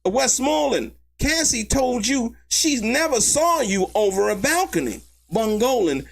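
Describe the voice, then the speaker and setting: A man, running live commentary with a high, gravelly voice. He talks slowly and lets his pitch swing widely while he mocks and laughs at what he reads out. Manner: animated, mocking, laughs often, slangy. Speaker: YouTube commentary host. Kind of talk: live commentary on court testimony.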